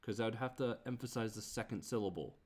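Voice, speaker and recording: A man thinking aloud while he composes, muttering in halting restarts and groaning at himself. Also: fairly low pitch, a little mellow. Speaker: creator working on a song.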